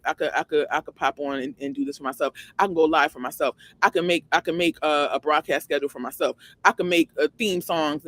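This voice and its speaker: A woman in her forties hosting her own online show, giving an emphatic, preachy motivational faith talk full of rhetorical questions. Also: no room sound. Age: 40s. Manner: jumps high and loud for emphasis.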